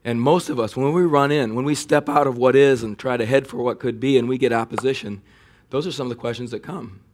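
A man preaching a sermon in a conversational way, building to animated emphasis. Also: mid-range voice, brisk. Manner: conversational preaching, animated when mocking enemy taunts. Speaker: pastor.

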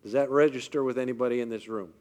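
A man gives a faith-based motivational talk to a live audience, with a medium-pitched voice. He speaks emphatically, often asks the room questions, and builds his points slowly and deliberately. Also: fairly even intonation, darkish tone.

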